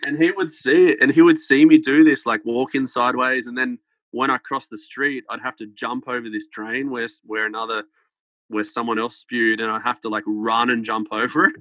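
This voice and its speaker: A man's voice: medium pitch, fairly even intonation, normal speed, fairly bright tone, no echo. A young man telling a story as a podcast guest, rambling with lots of fillers and light laughter. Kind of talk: casual storytelling. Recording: dull lo-fi podcast sound.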